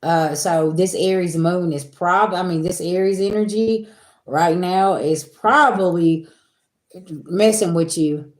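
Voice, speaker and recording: A woman chatting casually with her viewers as a spiritual reader, animated and venting, swearing freely and calling them y'all. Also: fairly low pitch, takes it slowly. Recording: roomy echo.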